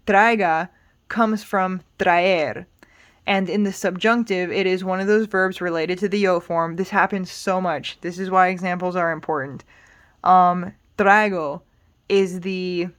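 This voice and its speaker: A woman teaching Spanish grammar in a relaxed, explanatory way, patient and reassuring, thinking aloud with small fillers. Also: fairly low pitch. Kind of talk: casual explanatory lesson.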